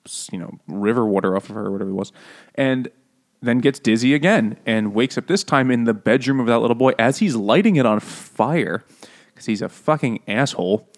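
A man's voice: medium pitch, lively intonation, a little fast. Profane joking man retelling a plot. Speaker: podcast co-host. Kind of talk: casual book-club chat over beer.

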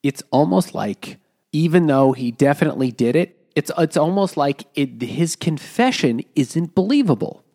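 A man's voice: on the high side, expressive, normal speed, dark tone. Man earnestly summarizing a book. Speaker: podcast co-host. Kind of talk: casual comedic book chat.

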